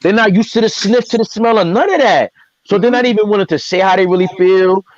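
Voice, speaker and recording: A man's voice: high-pitched, quick pace, dry recording, lo-fi sound. A man on an online panel, joking around and mocking lovesick men. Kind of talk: casual panel chat.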